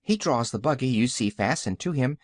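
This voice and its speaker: A man's voice: medium pitch, animated, normal speed, no room sound, studio quality, close to an everyday voice. A man voicing a plucky, plain-spoken young girl in an audiobook.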